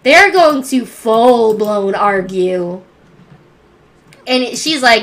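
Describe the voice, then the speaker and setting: A woman's voice: on the high side, very slow, long pauses. Chatty woman narrating a life-sim game. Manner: chatty, thinking aloud with restarts. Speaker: gameplay narrator. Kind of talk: let's play commentary.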